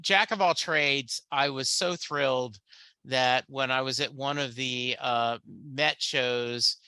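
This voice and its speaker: A man's voice: mid-range voice, takes it slowly, pushed and bright, clear, resonant tone, no echo. A man hosting a casual podcast chat, rambling with many fillers and restarts. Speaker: podcast host.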